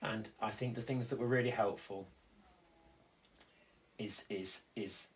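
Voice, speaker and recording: A man speaking earnestly in a reflective conversation, halting and restarting as he explains how he copes with loss. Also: on the low side, steady tone. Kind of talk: reflective conversation about grief.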